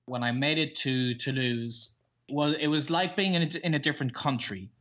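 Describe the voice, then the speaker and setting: Irish male interview guest, bright tense tone, enthusiastic storyteller, dull lo-fi recording. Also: mid-range voice, normal speed. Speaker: podcast guest. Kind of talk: casual interview chat. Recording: dull lo-fi sound.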